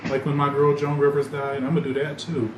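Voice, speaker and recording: A man hosting a podcast, rambling loosely in animated, slangy casual chat. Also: fairly high pitch, fast talker. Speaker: podcast host. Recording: echoey room with loud ambient noise.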